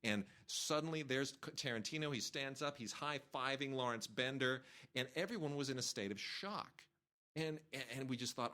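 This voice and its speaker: A man's voice: medium pitch, normal speed. A man hosting a film podcast, telling an anecdote in casual chat and acting out the quotes of the people in it, with many restarts. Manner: animated, acts out quotes with restarts. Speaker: podcast host, film critic.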